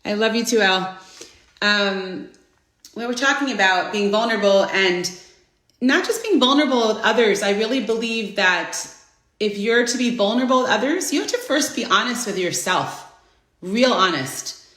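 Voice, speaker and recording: Lady in her 40s doing a live stream, gushes over viewers, mid pitch, echoey room. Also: normal speed. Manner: effusive, greets viewers by name with bursts of excitement. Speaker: host of a live inspirational stream. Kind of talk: casual live-stream chat. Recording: roomy echo.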